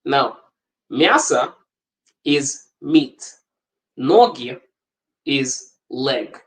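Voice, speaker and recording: Laughing, animated man telling stories. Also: mid-range voice, drawn-out words, poor audio. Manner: animated anecdotes, laughs often. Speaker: podcast host. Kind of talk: casual storytelling chat.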